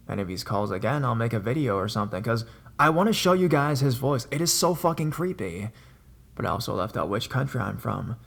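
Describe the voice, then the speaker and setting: A man of medium pitch tells a scary story in a conversational narrating voice. His voice has a noticeable gravelly creak. He talks plainly, as though recounting something that happened to him. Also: fairly bright tone. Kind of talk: horror story reading.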